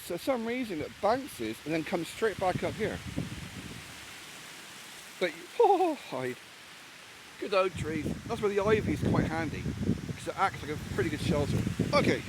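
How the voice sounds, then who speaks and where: A man from England with a fairly high voice chats bluntly and swears freely in a rambling vlog. His pitch jumps around a lot. Steady rain patters loudly behind him in the woods. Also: normal speed, background noise. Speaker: solo camper vlogger. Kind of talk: casual outdoor vlog talk. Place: outdoors in rainy woodland camp. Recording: outdoor recording with loud rain.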